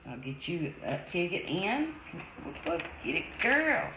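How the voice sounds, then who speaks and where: A woman hosting a live jewelry sale, chatting warmly with viewers and calling them sweetie, love and darling. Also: on the low side, very animated, measured pace, background noise. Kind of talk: live-stream selling chat. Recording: echoey room.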